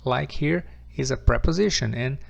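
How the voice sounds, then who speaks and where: Gravelly-voiced male English teacher. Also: mid-range voice, muffled recording. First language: Portuguese. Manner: patient, repeats example sentences slowly. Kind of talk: online English grammar lesson.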